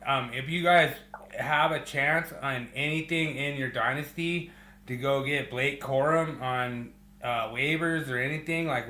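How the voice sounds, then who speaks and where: A man hosting a football podcast in casual chat, talking in a relaxed way with many fillers. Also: mid-range voice, reverberant. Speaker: podcast host.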